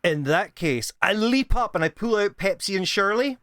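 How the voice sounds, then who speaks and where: A man playing a tabletop game, speaking hesitantly with frequent pauses and fillers. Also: high voice, lively intonation, pushed and bright, dry recording, studio quality. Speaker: player.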